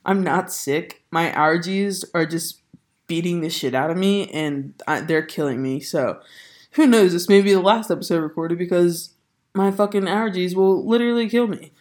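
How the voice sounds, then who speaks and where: A young woman from the Baltimore area hosting a casual podcast, stuffy and nasal, rambling excitedly and swearing casually. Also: on the low side, normal speed. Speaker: podcast host. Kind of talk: casual chat. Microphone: studio mic.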